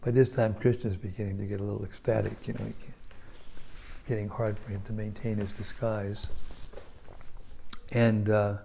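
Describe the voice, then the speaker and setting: Man, low gravelly voice, easy storytelling pace, reading and explaining scripture to a class. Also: moderate pace, long pauses, slight background noise. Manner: relaxed retelling with soft asides.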